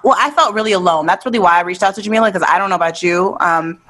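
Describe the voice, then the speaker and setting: Bright-voiced candid woman chatting. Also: on the low side, racing. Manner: candid, open, swears casually. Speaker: podcast guest, co-host of a moms podcast. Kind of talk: casual chat.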